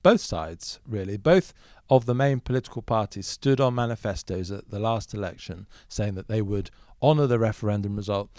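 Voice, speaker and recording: Measured male political commentator, dry sound. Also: fairly low pitch, a little mellow, no echo. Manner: measured, thoughtful, hedging with fillers. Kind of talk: podcast interview.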